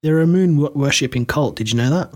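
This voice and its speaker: A man's voice: a little high, fast. A man hosting a comedy podcast, bantering dryly with a mock announcer tone. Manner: dry, ironic, mock announcer tone. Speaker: podcast host.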